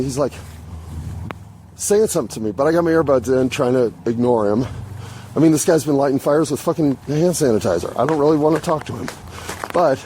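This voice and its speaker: A man's voice: a little high, slightly rough. A man hosting his own show, telling a rambling, profane story aloud while out on the street and riding a bus, recorded on a phone. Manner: profane, rambling, animated when retelling. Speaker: podcast host. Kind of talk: casual storytelling monologue. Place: outdoors on the street and at bus stops. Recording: faint street and traffic noise.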